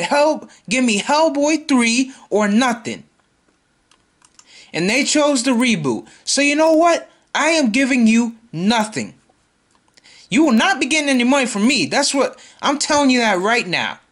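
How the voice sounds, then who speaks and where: A man's voice: extremely high pitch, fairly bright tone. A man ranting in a vlog, exasperated and repeating himself as he vows to boycott a movie. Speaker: YouTuber.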